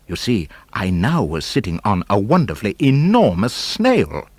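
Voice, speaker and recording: A man narrating a children's book of comic verse, animated, theatrical and rhythmic. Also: lowish voice, moderate pace, few pauses, breathy edge, no echo. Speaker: audiobook narrator. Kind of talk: expressive storybook verse reading.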